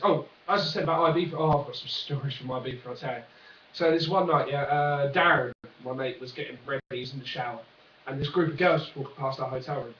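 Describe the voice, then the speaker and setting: A man's voice: mid-range voice, fairly bright tone, reverberant, far from the mic, highs cut off, a little hiss or hum. A man vlogging in a rambling comic monologue, full of jokey, sarcastic asides.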